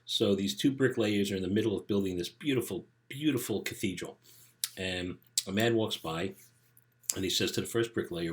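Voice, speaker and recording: Low-voiced middle-aged male coach. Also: moderate pace. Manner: conversational, tags sentences with "right?". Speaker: life coach for teens. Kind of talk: casual motivational talk to camera.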